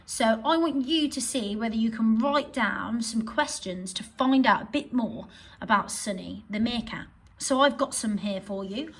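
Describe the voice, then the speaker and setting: Expressive husky-voiced woman teacher. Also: fairly high pitch, poor audio. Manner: expressive, reads examples aloud with emphasis. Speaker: primary school teacher. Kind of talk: online grammar lesson for children.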